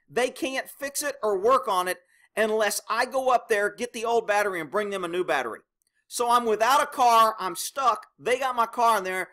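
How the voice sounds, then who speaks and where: A man's voice: sits high, bright, forceful tone. A man telling a sarcastic, exasperated story about a car dealership and acting out both sides of the talk. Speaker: vlogger recounting a complaint. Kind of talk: animated complaint rant.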